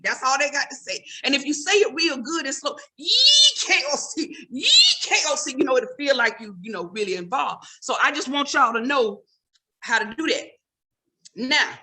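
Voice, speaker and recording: A woman comedian doing stand-up, talking straight to her audience and teasing them. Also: sits high. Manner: animated, teasing direct address to the audience.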